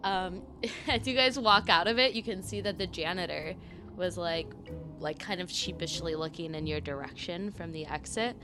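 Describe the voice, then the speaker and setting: A woman's voice: fairly low pitch, moderate pace. A woman running a tabletop role-playing game as game master, narrating in a loose, playful way. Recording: background music.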